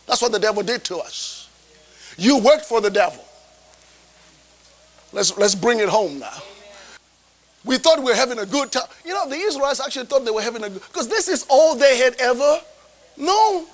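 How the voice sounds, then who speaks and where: A man's voice: very high-pitched, big pitch swings, moderate pace, pauses often, rough recording. A man preaching a sermon as a bishop, emphatic, tossing rhetorical questions at the congregation.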